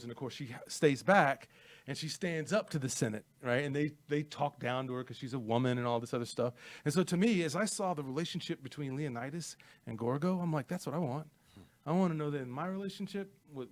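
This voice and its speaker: Animated man retelling a movie scene. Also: fairly high pitch. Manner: animated, acts out movie lines with big swings. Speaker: podcast co-host. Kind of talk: casual film discussion.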